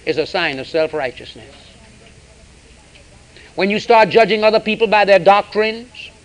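A man preaching a sermon, swinging between loud emphasis and hushed asides. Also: sits high, low-quality recording.

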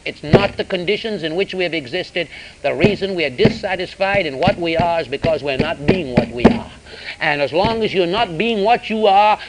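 A man preaching a sermon, swinging between loud emphasis and hushed asides. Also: on the high side, heavy background noise.

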